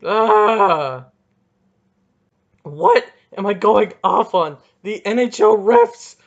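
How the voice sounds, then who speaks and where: A man's voice: sits high, animated, very slow, gravelly, muffled recording. Rambling young man ranting on a podcast. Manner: rambling, self-mocking, goofy asides, swings between ranting and muttering. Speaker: podcast host. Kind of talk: solo podcast rant.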